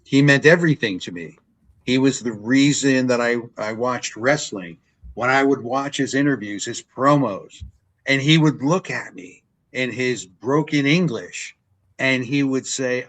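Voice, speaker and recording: Here an older wrestling ring announcer appears as an interview guest, telling casual stories at a medium pitch and normal speed. He animates them by playing out remembered dialogue.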